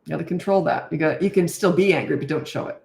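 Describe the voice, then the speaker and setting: Older lady coach doing a live q&a, kinda low voice, just says what she thinks, roomy echo. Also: fast talker, gravelly, darkish tone. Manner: frank, chatty, thinks aloud. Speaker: parenting coach. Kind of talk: live Q&A, answering viewer questions.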